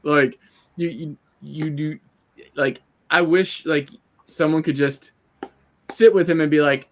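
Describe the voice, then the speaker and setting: Animated man telling stories in casual chat. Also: on the high side, takes it slowly, pauses often. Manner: animated storyteller, quotes people in put-on asides. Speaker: co-host.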